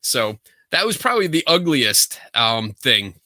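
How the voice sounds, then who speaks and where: A man hosting a podcast, telling a story in a casual, animated, rambling way from a home setup. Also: medium pitch, a little slow, dry recording, clean studio sound. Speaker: podcast host. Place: home setup for a virtual show.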